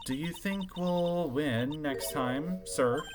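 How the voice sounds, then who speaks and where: A man's voice: on the high side, slow pace, noisy background, voice pushed up. A man doing a clumsy young policewoman, "sir"-heavy. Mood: determined. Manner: clumsy, says "sir" a lot. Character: earnest young female police officer, unlucky. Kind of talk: amateur game voice-over. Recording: game music behind.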